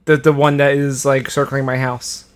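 A man co-hosting a podcast who reacts excitably in casual banter. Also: mid-range voice, normal speed. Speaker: podcast co-host.

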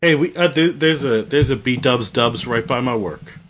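A man co-hosting a comedy podcast, playful and giggly with deadpan contrarian takes. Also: medium pitch, moderate pace, a little hiss or hum. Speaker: podcast co-host.

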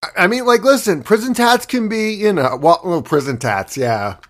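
A man's voice: sits high, lively intonation, normal speed, fairly bright tone. A man co-hosting a comedy podcast, riffing loosely with profanity and plenty of fillers. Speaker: podcast co-host acting as debate moderator. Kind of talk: casual comedy chat.

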